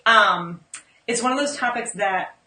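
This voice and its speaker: A woman speaking as a guest postpartum care educator in a casual interview, relaxed and informative with many ums. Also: medium pitch, measured pace. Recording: echoey room, distant mic.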